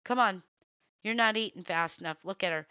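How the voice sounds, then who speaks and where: A woman hosting a casual show, giving blunt running commentary and waving off what she doesn't like. Her voice is bright, smooth and crisp, and she speaks unhurriedly. The sound is dry and a little dull, like a simple home setup. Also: mid-range voice, no room sound. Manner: blunt, reactive, quick to say nope. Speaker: host. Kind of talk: casual running commentary while scrolling videos.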